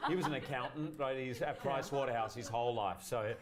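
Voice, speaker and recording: A man's voice: mid-range voice, brisk, crowd noise. A man with an Australian accent, an actor as interview guest, telling stories with laughter and acting out the people he quotes. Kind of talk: animated anecdote telling.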